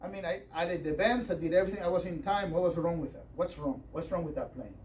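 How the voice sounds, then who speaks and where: A man's voice: fairly high pitch, fast. Rambling male guitar teacher, distant mic. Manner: rambling, conversational, lots of fillers. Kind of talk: workshop lesson with playing demonstrations. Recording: distant mic with faint noise.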